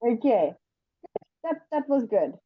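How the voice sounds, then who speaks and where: A woman teaching an online English lesson, explaining patiently and slowly with examples. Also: on the high side, big pitch swings, a little hiss or hum. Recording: dull lo-fi dry sound.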